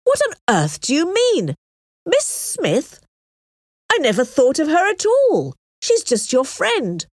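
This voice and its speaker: A woman's voice: medium pitch, huge pitch swings, unhurried, no room sound, studio quality. A woman voicing a pompous, passionate young male vicar in an audiobook story, pleading and easily offended.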